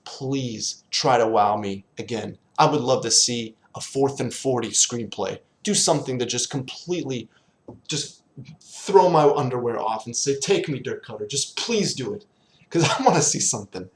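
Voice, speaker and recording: A man's voice: medium pitch, moderate pace. Profane, exasperated man ranting. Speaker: sports fan vlogger. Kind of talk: casual ranting vlog.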